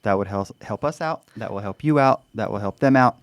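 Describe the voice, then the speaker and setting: A man co-hosts a podcast in an easygoing way, with a dry sense of humor. His voice is somewhat low. The studio sound is close and dry. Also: brisk, smooth, no room sound. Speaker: podcast co-host. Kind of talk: casual podcast chat.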